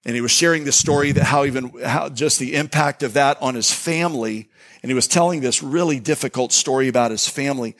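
A man preaching a sermon as a pastor, telling a story earnestly with many restarts, then slowing into a hushed prayer. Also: mid-range voice.

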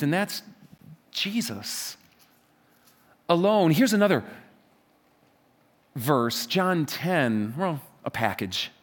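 Male pastor, sermon from a stage, emphatic, repeats phrases, slightly higher voice. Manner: emphatic, repeats phrases, wide swings in pitch and loudness. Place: church stage.

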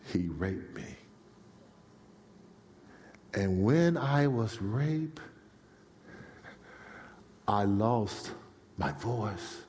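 A man voicing a young woman who confesses a painful memory in a low, hushed, halting voice. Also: expressive, big-room sound, a little hiss or hum. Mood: grave.

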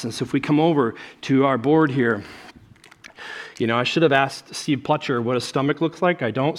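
A man preaching a sermon as a pastor at a church service, conversational and joking, peppering his points with "okay?" and "right?" and acting out voices when he quotes people. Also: medium pitch.

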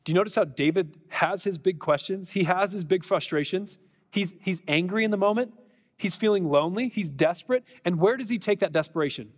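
A man with a high voice preaches a sermon, speaking conversationally and with emphasis as he poses rhetorical questions to the congregation. His voice rings with the long reverb of a large hall. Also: quick pace. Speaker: pastor.

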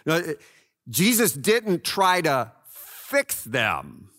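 Slow, bright-voiced male preacher. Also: a little high, wildly swooping pitch, no echo, studio quality. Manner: dramatic storytelling, swinging from loud to hushed. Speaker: pastor. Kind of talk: sermon.

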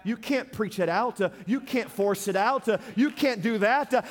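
A preacher in a church, his voice sitting very high as he swings from shouted exhortation down to near-hushed pleading. The sound rings with a long reverb from the hall around him. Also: moderate pace, few pauses, a little hiss or hum. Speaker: pastor. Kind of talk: sermon.

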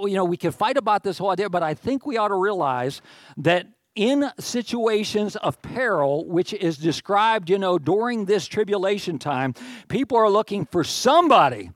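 A man preaching a conversational sermon as pastor, informal and earnest, with self-deprecating asides, pushing his voice higher and louder to stress a point. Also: no echo, clean studio sound. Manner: rises in pitch and volume when stressing a point.

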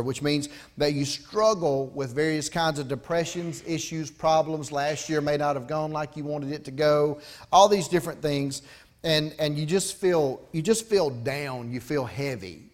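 A middle-aged pastor, preaching a folksy, conversational sermon with asides to his congregation. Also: fairly high pitch.

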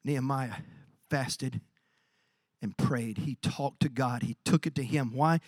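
A man preaching a sermon as pastor, animated, acting out quoted voices and swinging from quiet lines to shouts. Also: mid-range voice, a little slow, no room sound, studio quality. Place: church.

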